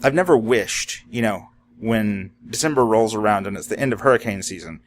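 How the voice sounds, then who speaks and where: A man's voice: on the low side, expressive, brisk, a little hiss or hum. A man vlogging about disaster preparedness in a casual, unscripted monologue. He talks in a plain, reflective way and often stops to say "you know" and "um". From Florida, USA.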